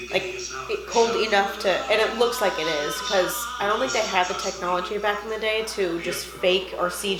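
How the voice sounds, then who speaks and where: A woman's voice: medium pitch, echoey room, poor audio. A woman giving casual, jokey reaction commentary as she watches a film and reviews it. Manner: animated, jokey, squeamish asides. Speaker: movie reviewer.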